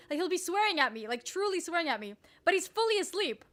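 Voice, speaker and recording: A young woman streamer telling a story in casual chat, animated, swearing freely and leaning on "like" a lot. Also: very high-pitched, quick pace, few pauses. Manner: animated, swears freely, heavy use of "like", laughs often.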